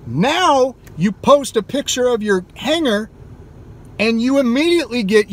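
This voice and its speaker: A man's voice: very high voice, expressive, measured pace. A man vlogging from inside a car, delivering an emphatic, heated rant and swearing freely. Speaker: gaming YouTuber. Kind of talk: impassioned car vlog rant.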